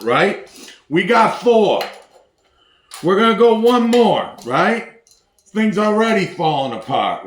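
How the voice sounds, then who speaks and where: Casting: a man with a higher-than-average voice hosting a loose, joking home cooking vlog, in an echoey kitchen. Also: slight background noise. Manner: loose, joking, hypes viewers, talks while eating. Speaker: home cooking video host. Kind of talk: casual cooking demonstration.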